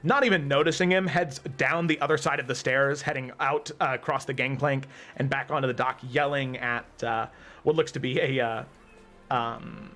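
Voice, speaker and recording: A man narrating a tabletop game as game master, meandering with frequent pauses and restarts. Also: medium pitch, steady tone, pushed and bright, faint music behind. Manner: meandering, many ums and restarts.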